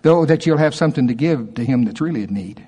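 A man preaching a sermon as a pastor, acting out objections from his listeners in a higher voice. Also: fast, slightly rough. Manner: animated preaching, voicing objections in a higher pitch.

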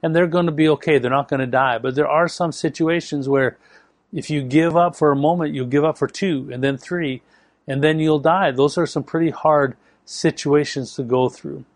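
Higher-pitched emphatic male preacher. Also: fairly even intonation, normal speed, no room sound. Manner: storytelling with acted quotes, emphatic. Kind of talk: sermon.

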